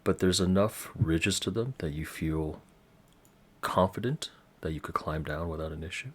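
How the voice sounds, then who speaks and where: A man running a tabletop game as game master, chatting casually, then narrating scenes slowly and deliberately. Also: deep voice, a bit bright, slightly rough.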